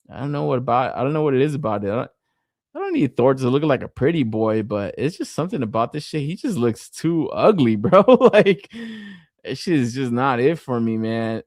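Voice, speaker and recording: A man's voice: medium pitch, dry recording, clean studio sound. A man co-hosting a toy collecting podcast, chatting casually and swearing constantly as he reviews an action figure. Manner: profane, animated, laughs often. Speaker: podcast co-host.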